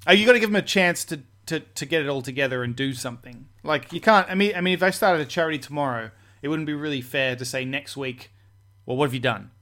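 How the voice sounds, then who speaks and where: Laughing, chatty man with slightly high voice. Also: expressive, fast talker, few pauses, bright, forceful tone. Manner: chatty, laughs often, restarts sentences. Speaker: podcast host. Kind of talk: casual chat.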